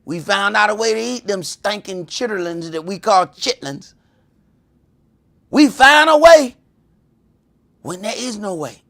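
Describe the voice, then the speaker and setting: A man teaching a religious class in a lively preaching style, telling stories and acting out voices, swinging from loud to hushed. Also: sits high, measured pace, gravelly, pauses often. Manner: animated, storytelling, acts out voices, swings from loud to whispered.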